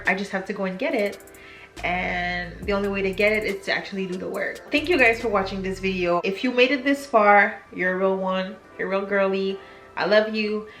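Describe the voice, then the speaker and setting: Her voice sits at a medium pitch with a fairly bright tone as this French-accented young YouTuber talks openly in a confessional vlog. She occasionally slips into French mid-sentence, and the echoey room has faint music in the background.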